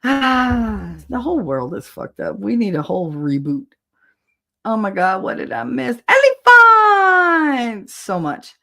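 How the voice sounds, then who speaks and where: A woman's voice: mid-range voice, very animated, measured pace, gravelly. A woman from New Jersey hosting a casual livestream, reading chat comments, blunt and swearing and often laughing. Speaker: host.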